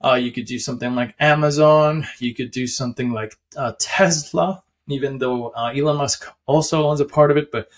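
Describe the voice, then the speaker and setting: A man's voice: mid-range voice, moderate pace, few pauses. A young man casually explaining how stocks work, rambling with many fillers and restarts and chuckling often. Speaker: finance video host.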